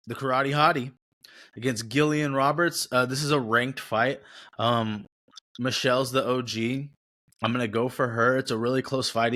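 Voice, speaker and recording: A man's voice: medium pitch, pushed and bright. A young man hosting a sports podcast, talking in a casual, rambling, slangy way and correcting himself as he goes. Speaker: podcast host.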